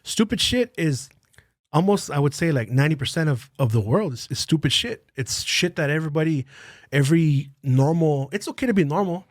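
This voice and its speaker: A man's voice: on the high side, expressive, a little fast, no echo, clean studio sound. A man on a podcast, ranting heatedly, swearing constantly and repeating phrases. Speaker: podcast guest. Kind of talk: casual profane rant. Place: podcast studio.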